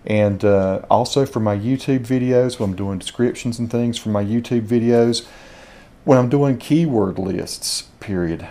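Mellow-voiced Appalachian man. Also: mid-range voice, measured pace. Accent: Southern Appalachian. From Southern Appalachia, USA. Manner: speaks punctuation commands aloud, relaxed drawl. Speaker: software reviewer. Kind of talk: dictating aloud to software, casual review. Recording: home video.

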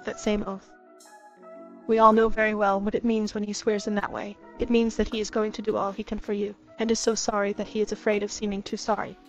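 A woman narrating a classic children's story in a steady, even reading. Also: medium pitch. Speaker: audiobook reader. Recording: slightly muffled with faint music.

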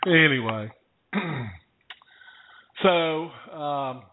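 A man's voice: a little high, background noise. A man casually telling a rambling story to his co-host, often chuckling. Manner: rambling, chuckling anecdote teller. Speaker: podcast co-host. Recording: tinny phone-like audio.

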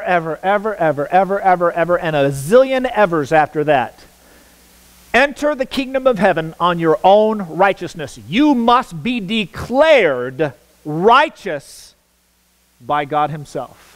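A man's voice: very high-pitched, a bit bright, low-quality recording. A man preaching a sermon as pastor, emphatic, repeating words for stress and asking the congregation questions. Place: church sanctuary.

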